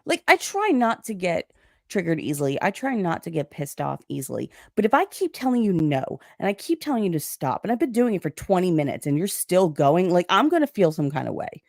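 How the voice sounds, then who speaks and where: A woman's voice: on the low side, brisk, gravelly, no echo, studio quality. A woman co-hosting a livestream in casual chat, swearing freely and acting out what others said. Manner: animated, swears freely, acts out others in quotes. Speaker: livestream co-host.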